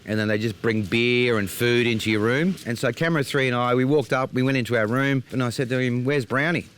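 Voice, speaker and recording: An Australian man tells his travel stories in a loose, rambling, chatty way, voice pitched in the middle. A faint hiss of background noise sits under him. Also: fairly even intonation, fast talker, fairly bright tone. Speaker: host. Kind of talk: casual recollection to camera.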